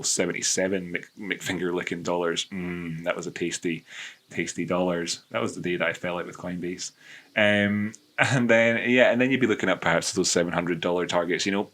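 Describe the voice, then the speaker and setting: A man's voice: sits low, fairly bright tone. A man giving casual, rambling commentary on crypto price charts, with many restarts and self-amused asides. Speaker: crypto market analyst.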